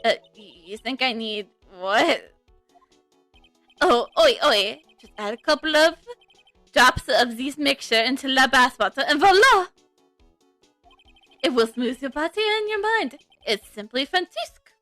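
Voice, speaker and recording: A woman's voice: high voice, lively intonation, measured pace, long pauses, sharp tone, no room sound, faint music behind, exaggerated voice. A woman voicing a flamboyant male French restaurant owner in a mock French accent, gushing and fumbling her words.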